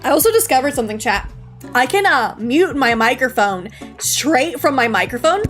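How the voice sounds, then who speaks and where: A woman's voice: sits high, lively intonation, normal speed, fairly bright tone. A young woman streaming live, chatting to her viewers in a rambling, emotional way, tired and close to tears, with nervous laughs. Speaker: VTuber streamer. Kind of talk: casual live-stream chat. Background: faint background music.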